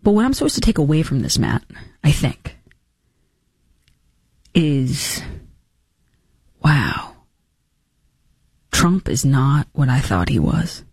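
A woman hosting opinionated political commentary, talking fast and sarcastically and mimicking other people's voices. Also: a bass voice, big pitch swings, darkish tone, breathy edge, no room sound.

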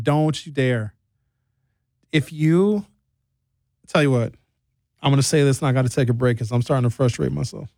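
A man's voice: a little high, no echo, clean studio sound. A man hosting a radio talk show, ranting comically with put-on mocking voices. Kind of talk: casual radio monologue.

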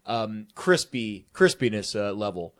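A man's voice: fairly low pitch, very animated, unhurried. A man on a casual sports talk panel who rambles and reaches for homespun comparisons.

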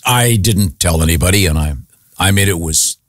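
Deep-voiced man telling a halting story. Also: dry recording, studio quality. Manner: rambling, halting storyteller with many restarts. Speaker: radio show host. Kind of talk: casual morning radio banter.

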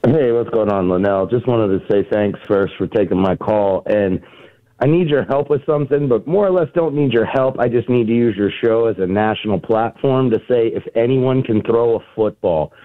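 A man's voice: fairly low pitch, moderate pace. A man calling in to a sports radio show, wry and exasperated. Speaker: caller. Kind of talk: phone-in chat. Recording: tinny phone line.

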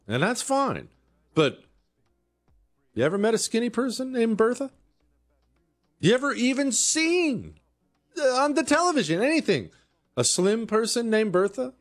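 A middle-aged man holding forth as a talk radio host. His pitch swings widely from low grumbles to high incredulous peaks, and he fires off sarcastic rhetorical questions in an opinionated monologue.

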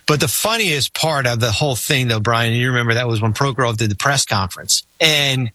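A man telling casual stories on a podcast, rambling and animated, with many fillers and restarts. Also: mid-range voice, brisk, no room sound. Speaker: former team executive telling stories.

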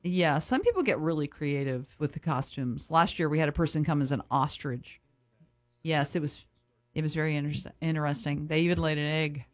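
A woman's voice: low-pitched, a little fast. A woman from an animal shelter's board, a guest on a radio chat, talking cheerfully and laughing easily. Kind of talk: casual radio interview.

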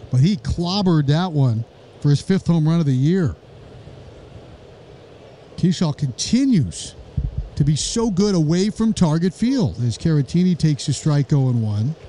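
A man's voice: fairly high pitch, a little hiss or hum. Wry baseball play-by-play man. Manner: brisk, wry, jokey asides, rising excitement on big plays. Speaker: play-by-play announcer. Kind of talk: live baseball commentary.

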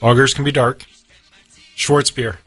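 A man's voice: mid-range voice, steady tone, a little slow, a bit bright, slightly rough, faint music behind. A man who owns a brewery, a guest in a casual chat, explaining in a matter-of-fact way.

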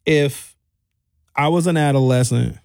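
A commentator in his fifties, with a fairly high, creaky voice and a slightly slow pace, delivers a casual, blunt, profane monologue. He tells stories animatedly, acting out the quotes, and the recording has no echo.

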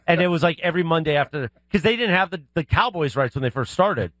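A man hosting a sports radio show, telling rambling stories and pitching bits. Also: lively intonation, a bit bright, dry recording, studio quality. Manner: rambling, quick storytelling. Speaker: radio host. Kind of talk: casual sports talk chat.

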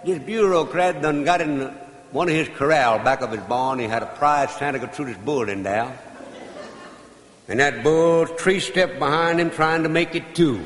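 A man's voice: mid-range voice, normal speed, fairly bright tone. A man telling a comic story on stage in a folksy drawl, hollering the punchlines. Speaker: comedian. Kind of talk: storytelling comedy routine. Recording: echoey live recording with faint noise.

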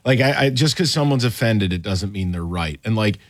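A man's voice: on the low side, lively intonation, fairly quick, dry recording, clean studio sound. A man hosting a radio talk show, telling stories in a casual, conversational way.

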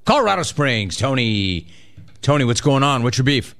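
A man hosting a sports call-in radio show, animated and joking with callers. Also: mid-range voice, moderate pace. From California. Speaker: radio talk show host. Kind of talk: casual sports radio chat.

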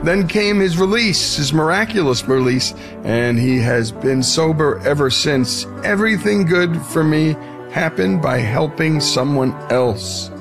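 Radio host reading an outro over music. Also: male voice, a little high, lively intonation, a little slow. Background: music bed.

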